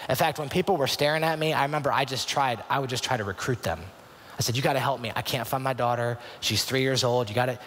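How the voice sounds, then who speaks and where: A man's voice: medium pitch, fairly bright tone. Earnest man telling a story in a big hall. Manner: earnest, confiding storytelling with many restarts. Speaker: youth conference speaker. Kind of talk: storytelling sermon. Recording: long hall reverb.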